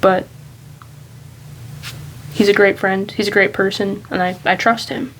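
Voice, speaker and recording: A woman vlogging in a loose, rambling way, thinking aloud and speaking candidly at an ordinary, middle pitch. A faint hiss of background noise sits beneath her voice. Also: fairly even intonation, unhurried, rough recording. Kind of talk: casual reflective monologue.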